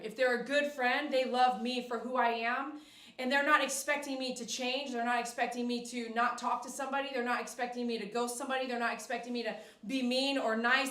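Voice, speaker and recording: A woman who grooms dogs and hosts a livestream, chatting casually and reading viewer comments aloud, with bursts of excited cheering. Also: on the high side. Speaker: dog groomer and livestream host. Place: grooming shop. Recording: echoey room.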